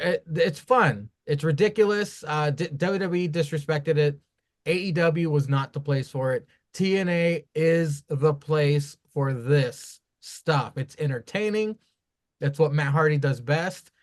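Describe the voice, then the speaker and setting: A man co-hosting a casual wrestling review podcast, talking in a profane, animated, rambling way. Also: on the high side. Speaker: podcast co-host.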